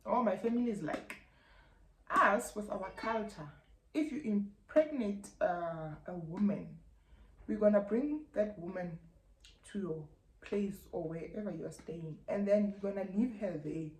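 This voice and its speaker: A young South African woman with a South African accent, telling a personal story in a lively vlog and acting out her relatives' lines. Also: medium pitch. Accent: South African English. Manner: animated, acts out relatives' lines, slangy. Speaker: YouTuber. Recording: echoey room, faint background hum.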